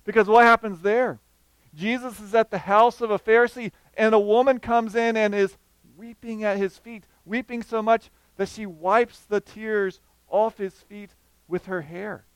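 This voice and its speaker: Man preaching with a smooth, high voice. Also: unhurried, no room sound, rough recording. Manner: animated storytelling, acting out quoted voices. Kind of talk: sermon.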